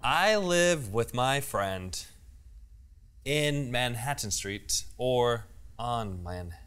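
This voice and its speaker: An American man co-hosting a casual chat, playful and quick to laugh. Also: mid-range voice, animated, a bit bright, clean tone. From United States. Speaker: co-host.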